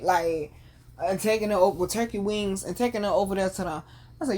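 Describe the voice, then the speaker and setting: A woman in her thirties hosting a podcast tells a family story in casual slang, swearing and laughing throughout. Her mid-pitched voice moves at normal speed, and her delivery is animated and unguarded.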